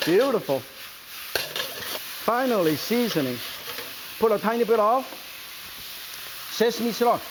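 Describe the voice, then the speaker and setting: An older man hosting a cooking show, cheerfully walking through a stir-fry and chatting as he shops, in slightly non-native English. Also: sits high, background noise. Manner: enthusiastic, exclaiming and chatty. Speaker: celebrity chef and host.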